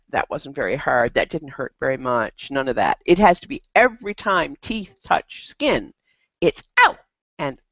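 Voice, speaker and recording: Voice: mid-range voice, dry recording, dull audio. A dog trainer giving casual, practical advice, often restarting sentences mid-thought. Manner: animated, loose, with frequent restarts. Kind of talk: casual instructional talk.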